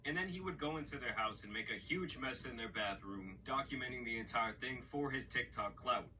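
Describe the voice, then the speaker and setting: A man's voice: medium pitch, a little fast, bright, forceful tone, distant mic, slight background noise, poor audio. A man giving casual reaction commentary in a blunt, profane, mocking way. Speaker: commentary YouTuber.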